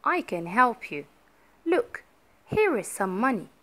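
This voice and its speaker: A woman voicing a scheming male magician who poses as a boy's uncle, speaking slowly and commandingly. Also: on the high side, very animated, a bit bright, full character voice. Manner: slow, deliberate and commanding. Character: scheming man posing as an uncle.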